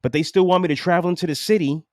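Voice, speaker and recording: A man's voice: a little high, rapid-fire, dry recording, studio quality. A New man in his forties ranting profanely and with exasperation as a podcast co-host. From New York City. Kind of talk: casual chat.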